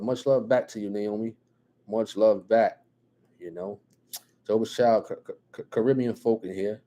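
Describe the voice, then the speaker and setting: A man from New Jersey with a New Jersey accent, hosting a casual live stream, reading viewer comments and chatting in a relaxed way with lots of repeated phrases. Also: mid-range voice. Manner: relaxed, repeats phrases, frequent "you know what I'm saying", chuckles often.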